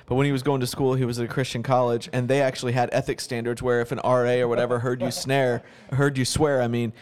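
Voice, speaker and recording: An American man in casual conversation as a podcast co-host, telling stories with quick asides and laughing easily. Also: medium pitch, little pitch movement, darkish tone. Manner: chatty, tells anecdotes with quick asides. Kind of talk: casual chat.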